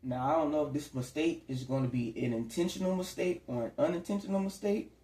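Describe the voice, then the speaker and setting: Quick and mellow, with a fairly high pitch, a man does a rambling tarot reading for his audience. It's a casual, conversational spiritual session to camera, recorded in an echoey room, and he slips into acted quotes along the way.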